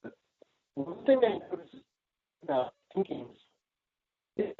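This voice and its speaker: A man calling in to a reading group, offering an observation in a halting, tentative way with many pauses. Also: fairly high pitch, very animated, slight background noise. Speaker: caller. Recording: tinny phone line, dry.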